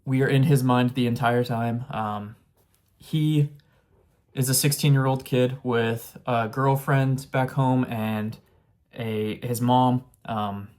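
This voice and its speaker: Rambling young man reviewing a book. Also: mid-range voice. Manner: rambling and earnest, many fillers and restarts. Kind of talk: casual spoken book review.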